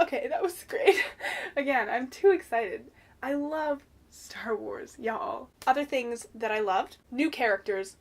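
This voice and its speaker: Gushing, high-voiced young woman vlogger. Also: a little slow. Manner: gushing, animated, swears casually, bursts into high-pitched squeals. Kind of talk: excited film review vlog.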